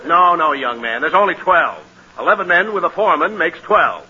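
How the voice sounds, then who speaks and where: An actor playing a stern, pompous judge in 1940s radio comedy, scolding the defendant. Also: male voice, a little high, expressive, normal speed, sharp tone, breathy edge, exaggerated voice. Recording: dull hissy 1940s radio broadcast.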